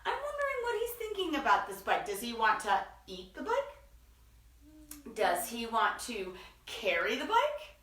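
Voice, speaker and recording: Brief: woman storytime reader, high bright lively voice, unhurried, echoey room from a distance. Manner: expressive, animated, asks listeners questions. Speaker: teacher reading aloud. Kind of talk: storybook read-aloud.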